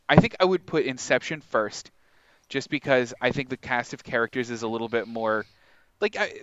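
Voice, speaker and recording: Male podcast co-host, smooth resonant voice, slightly dull and dry recording, chatty. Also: mid-range voice, fairly bright tone, no room sound. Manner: chatty, many filler likes. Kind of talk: casual movie podcast chat.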